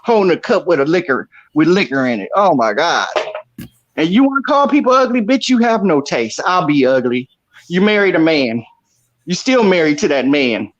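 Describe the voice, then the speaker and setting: A man's voice: a little high, sing-song, moderate pace, highs cut off. A man hosting an online roast, ranting and mocking a rival with heavy cursing. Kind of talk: profane roast rant.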